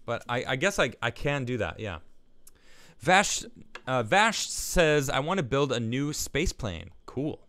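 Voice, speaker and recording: A man's voice: medium pitch, big pitch swings, unhurried, fairly bright tone. A man hosting a live stream, chatting casually and reading viewer messages aloud, laughing easily and restarting his sentences. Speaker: livestream show host.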